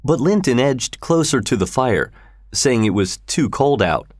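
A man narrating a story in a steady, measured way. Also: medium pitch, no room sound, clean studio sound. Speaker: audiobook narrator.

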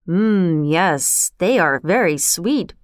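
A woman's voice: fairly low pitch, lively intonation, slow pace, no echo, studio quality. A woman voicing a grumpy, sleepy male crocodile in a children's storybook, grumbling and hissing his lines. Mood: grudging.

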